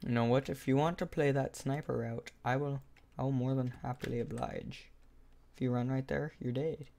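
A young man narrates his video game round live from his desk mic, in a casual, talky way. He swings between excitable play-by-play and dry sarcasm at his teammates. Faint clicks and gunfire hum underneath. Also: medium pitch, normal speed, gravelly. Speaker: gaming YouTuber. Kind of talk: live gameplay commentary.

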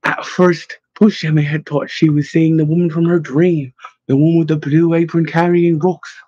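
A man narrates a story with measured, expressive pacing. His voice sits a touch high for a man yet sounds mellow and husky. The recording is dry and dull, as if muffled. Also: no room sound. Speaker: audiobook narrator. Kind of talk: scripted narration.

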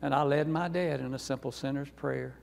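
In a church sanctuary full of reverb, with slight background noise, a guest preacher from North Carolina tells his testimony. He speaks in a steady, gravelly mid-range voice at a fairly quick clip, folksy, earnest and warm.

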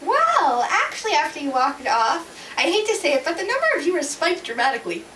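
A woman's voice: high voice, very animated, brisk, pushed and bright, recorded from a distance, a little hiss or hum, rough recording. A woman hosting a playful homemade interview, teasing and playfully dramatic. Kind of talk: playful fan-made interview.

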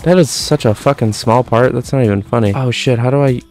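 A man's voice: medium pitch, brisk, darkish tone, faint music behind. Rambling young man commenting on gameplay. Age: 20s. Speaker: gaming commentator.

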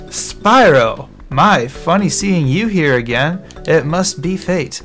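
A man's voice: a little high, animated, takes it slowly, a bit bright, soft background music, voice pushed up, full character voice. A man reading a scheming, greedy male merchant's lines aloud from a game, in a wheedling way. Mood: sly.

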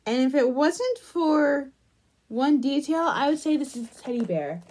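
A woman chatting casually in a crochet vlog, gushing over a pattern book and trailing off into soft murmurs. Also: sits high, big pitch swings, measured pace. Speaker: crochet vlogger.

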